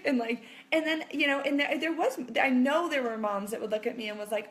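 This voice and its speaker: Woman in her thirties, high voice, chatty, reassuring, mom vlogger talking to camera. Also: fast talker, few pauses. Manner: chatty and reassuring, acts out quotes in big animated voices. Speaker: mom vlogger answering viewer questions. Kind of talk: casual chat to camera.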